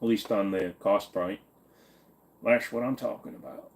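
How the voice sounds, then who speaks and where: A young Virginian man hosts a relaxed livestream, responding bluntly and off the cuff to viewers' comments he reads aloud, with occasional swearing. He speaks at normal speed in a fairly low, steady voice.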